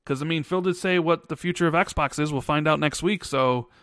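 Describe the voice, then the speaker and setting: Rambling high-voiced man on a dry mic. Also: a little fast, fairly bright tone, no echo. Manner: rambling storyteller, restarts often. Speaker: podcast co-host. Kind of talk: casual chat.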